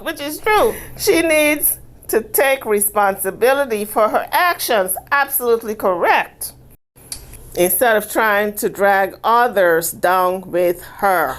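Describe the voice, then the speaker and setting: A woman's voice: medium pitch, expressive, unhurried. A woman hosting casual gossip commentary in a sassy, chatty way, often tossing in little "okay?" asides.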